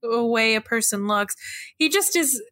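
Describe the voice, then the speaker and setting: A woman co-hosts a casual movie podcast, talking in an animated way with frequent laughter and easy swearing. Her voice is bright and a little high, and the sound is dry and close to the mic. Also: measured pace, dry recording. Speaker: podcast co-host.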